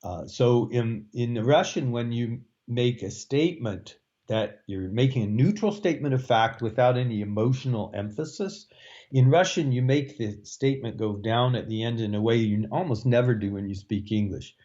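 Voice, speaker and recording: A man's voice: medium pitch, moderate pace, mellow, muffled recording. A man, a Russian language professor explaining his teaching in an interview, with frequent fillers and restarts. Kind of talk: interview answers.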